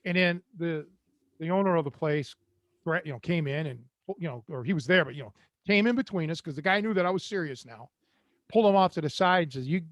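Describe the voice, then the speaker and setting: Older man, host. Streetwise storyteller, higher than typical pitch, dry close-mic sound. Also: brisk, no room sound. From Cleveland, Ohio. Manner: rambling, streetwise, quotes others in voices. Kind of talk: casual storytelling.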